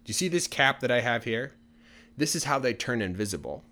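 A man's voice: medium pitch, animated, a little fast, sharp tone. A man voicing a confident young village woman laying out a plan in a storybook tale. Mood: scheming. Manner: confident, scheming.

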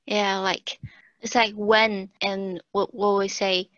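Young kiwi woman co-hosting, slow and steady, muffled dry mic. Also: mid-range voice, no echo. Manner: measured, explains things, steers the talk. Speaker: podcast co-host. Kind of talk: casual chat.

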